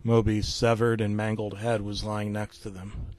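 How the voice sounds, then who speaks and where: A man's voice: fairly low pitch, level tone, moderate pace. A man narrating a creepypasta story in a casual storytelling manner. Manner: casual storytelling, dropping to a hush for gory parts.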